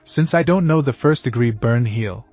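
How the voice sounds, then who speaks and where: A man's voice: mid-range voice, lively intonation, normal speed, a little mellow, faint music behind, lightly acted. A man reading the lines of a cocky young boy ninja apprentice, snappy and grumbling. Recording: dull lo-fi audio.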